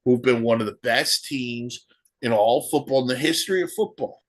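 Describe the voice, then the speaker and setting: Ranting sports podcast host. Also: male voice, mid-range voice, normal speed. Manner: ranting, rhetorical questions. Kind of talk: solo sports podcast commentary.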